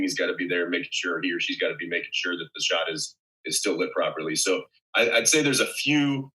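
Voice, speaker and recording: A man with a very low voice and a sharp, forceful edge to it, talking as a podcast guest. He explains at length, circling back with fillers and restarts as he works through his thoughts. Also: low-quality recording. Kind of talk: casual chat.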